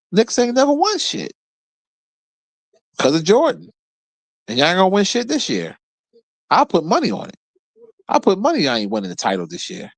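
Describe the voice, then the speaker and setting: Animated man trash-talking sports. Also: sits high, no echo. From Philadelphia area. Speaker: host. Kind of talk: casual sports rant.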